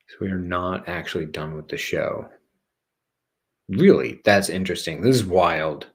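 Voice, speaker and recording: Male host, slightly low voice, loose playful delivery, jokey, rambles, some swearing. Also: normal speed, gravelly. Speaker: host of a spiritual channel show. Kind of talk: casual rambling livestream monologue.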